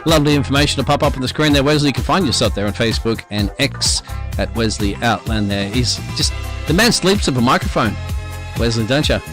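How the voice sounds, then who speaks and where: A man co-hosting a sim racing broadcast, chatting briskly with the occasional chuckle. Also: medium pitch, lively intonation, over music. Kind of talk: post-race broadcast chat.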